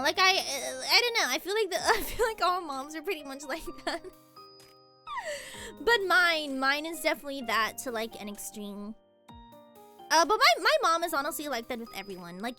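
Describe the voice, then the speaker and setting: A young woman chats casually on a stream, telling stories in an animated, giggly way. Her voice sits very high and bright, and it swoops about lively. Faint music plays underneath. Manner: giggly, animated storytelling with acted quotes. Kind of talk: casual chat.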